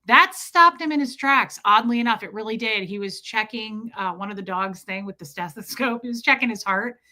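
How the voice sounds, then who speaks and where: A woman's voice: on the high side, moderate pace, bright, forceful tone. A middle-aged woman vlogger telling a story in a casual, blunt and profane way.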